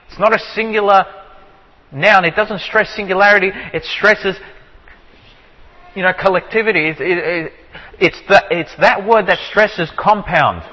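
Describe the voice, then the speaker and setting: A man teaching from the Bible in sermon style, asking his listeners rhetorical questions and slowing down to stress key phrases. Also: high-pitched, sharp tone. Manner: asks the audience many rhetorical questions. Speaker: preacher teaching on scripture. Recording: long hall reverb.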